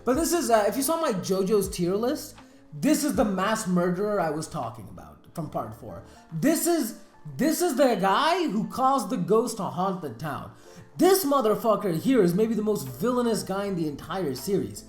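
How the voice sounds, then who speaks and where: Slangy, profane anime video host. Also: female voice, mid-range voice, very animated, normal speed, soft background music. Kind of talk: casual tier-list commentary. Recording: roomy echo.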